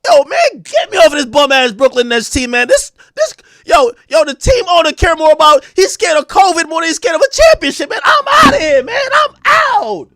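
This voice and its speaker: A man putting on the voice of a whiny male basketball star who shouts complaints about his teammates in crude slang. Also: very high voice, sing-song, brisk, few pauses, no echo, clean studio sound, voice pushed up, full character voice. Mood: griping.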